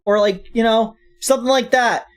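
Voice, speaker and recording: A woman's voice: on the high side, fairly even intonation, moderate pace. A woman VTuber streamer chatting through a game playthrough in a rambling, hesitant, jokey way. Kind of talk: casual game playthrough chat. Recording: faint game music behind.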